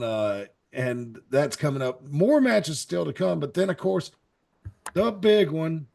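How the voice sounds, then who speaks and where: A man's voice: on the high side, creaky, a little mellow, a little hiss or hum. A man hosting a wrestling talk show, chatting in a folksy, rambling, jokey way. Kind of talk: casual live-stream chat.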